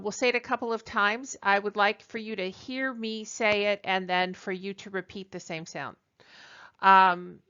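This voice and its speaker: A woman teaching a recorded French lesson, talking deliberately with frequent ums and uhs and modelling phrases for repetition. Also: mid-range voice, bright, forceful tone, smooth, highs cut off.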